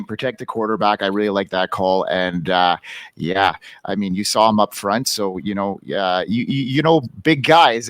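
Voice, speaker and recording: A man co-hosting a casual football podcast, relaxed and chatty, with lots of filler words. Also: lowish voice, dry recording. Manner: relaxed, many fillers like you know and uh. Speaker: fantasy football co-host.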